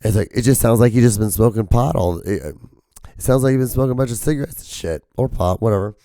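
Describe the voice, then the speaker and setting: A hoarse man with a strained, cracking voice rambles through a casual podcast monologue, swearing freely. His voice sits low and sounds dark and mellow. The recording is dry and close. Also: fast talker, no room sound. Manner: profane, rambling, full of fillers. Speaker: podcast host.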